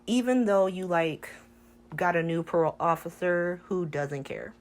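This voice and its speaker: A woman's voice: lowish voice, animated, normal speed, darkish tone, poor audio. Sassy, exasperated woman recapping at home. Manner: sassy, exasperated, rhetorical questions. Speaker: soap opera recap host. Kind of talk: casual recap chat.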